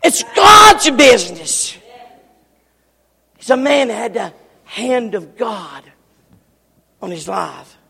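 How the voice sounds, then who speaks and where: A man pastor preaching a sermon in an emphatic, folksy style, often raising his voice to a shout. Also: high voice, expressive, takes it slowly, creaky, pauses often, breathy edge. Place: church sanctuary. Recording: long hall reverb.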